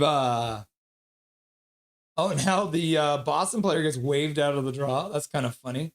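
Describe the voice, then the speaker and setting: A man calling a hockey game on a live stream and reading chat messages aloud with excited shouts. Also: fairly high pitch, moderate pace, pauses often. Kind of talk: casual live-stream commentary.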